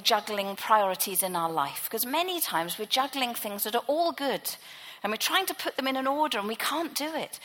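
A woman's voice: on the high side, a bit bright, long reverb tail, rough recording. A woman preacher giving a sermon, teaching from the Bible in a conversational way.

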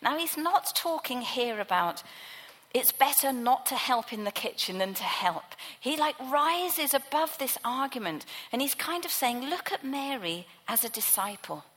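A woman's voice: high-pitched, expressive, a little slow, a bit bright, long reverb tail, poor audio. A woman preacher giving a sermon, teaching from the Bible in a conversational way.

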